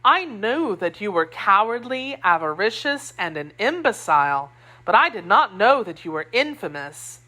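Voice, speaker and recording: Woman reader doing a fierce young wife, scornful and passionate, pitch leaping all over. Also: very animated, normal speed, pushed and bright. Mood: indignant. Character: spirited young woman, loyal to her queen.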